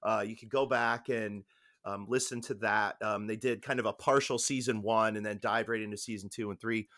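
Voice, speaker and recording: An enthusiastic man hosting a casual podcast, his voice bright and forward. He rambles a little and restarts his sentences as he chats. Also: lowish voice, fairly even intonation, moderate pace, no room sound, studio quality. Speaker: podcast host.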